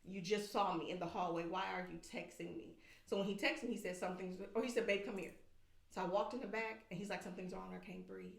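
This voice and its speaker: A woman's voice: medium pitch, fast talker. A woman, a podcast guest, candidly telling an emotional personal story and acting out what others said. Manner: candid, animated, acts out quoted voices. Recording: echoey room.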